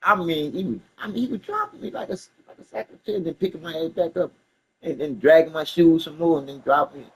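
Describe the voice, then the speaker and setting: A man telling a story casually, animated and profane, laughing along the way. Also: a little high, fast talker, breathy edge, poor audio.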